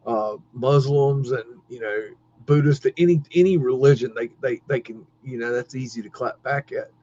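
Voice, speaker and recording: This livestream host has a mellow, medium-pitched voice. He rambles in casual chat, full of laughs and restarts, and the stream audio sounds dull and lo-fi.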